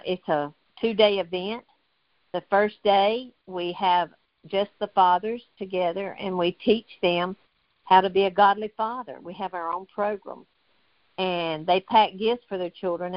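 A woman's voice: mid-range voice, dry recording, lo-fi sound. Older woman from North Carolina, earnest. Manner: earnest, emotional storytelling. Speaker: guest. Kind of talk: testimony in a faith talk interview.

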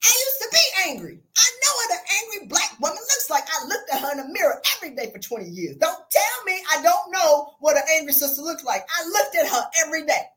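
A woman's voice: high-pitched, big pitch swings, fairly quick, few pauses, fairly bright tone. A blunt, emphatic woman giving a motivational talk, repeating her points. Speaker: motivational speaker.

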